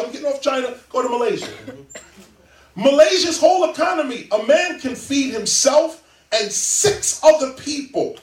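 A man speaking as a guest before a live audience in a library, lecturing in an animated, emphatic way. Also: very high voice. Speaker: interview guest. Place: public library event room. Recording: roomy, distant mic.

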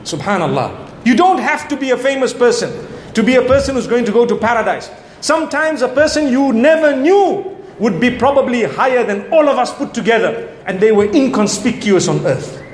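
A middle-aged man preaching a sermon in an animated way, acting out prayers and pleas. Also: very high-pitched, moderate pace, reverberant, slight background noise.

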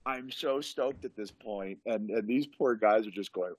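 A man's voice: mid-range voice, normal speed, slight background noise. A man, a professional wrestler, is a podcast guest. He tells a story with eager, rambling enthusiasm, full of restarts. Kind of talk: animated storytelling in casual chat.

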